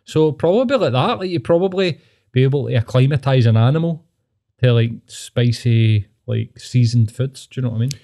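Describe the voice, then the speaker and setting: A man's voice: mid-range voice, brisk, warm tone. A man with a Scottish accent co-hosting a podcast, chatting bluntly with plenty of swearing. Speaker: podcast co-host. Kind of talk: casual podcast chat.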